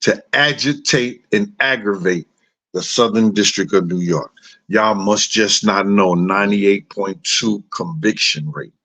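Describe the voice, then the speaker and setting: A man hosting a casual commentary show, talking straight to his viewers in street slang. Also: unhurried. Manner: animated, swings into high put-on voices and laughs.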